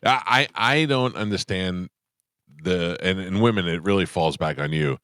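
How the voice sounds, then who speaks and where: A man hosting a morning radio show, joking loudly with his co-hosts in the studio. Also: sits low, normal speed, clean tone, no room sound. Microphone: studio microphone.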